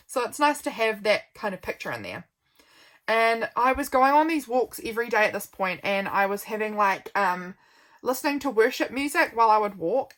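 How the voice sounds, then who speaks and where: A woman's voice: medium pitch, a bit bright. A young woman who chats casually through her journal, rambling a little and yawning often because she is tired. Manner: rambling, friendly, stops for frequent yawns. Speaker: vlogger.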